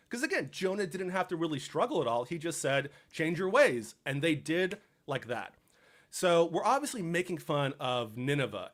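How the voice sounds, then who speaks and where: A young man casually retelling a Bible story with jokes, dropping into quick voices for the people in it. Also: fairly high pitch. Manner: animated, jokey, acts out characters in quick asides. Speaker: podcast co-host.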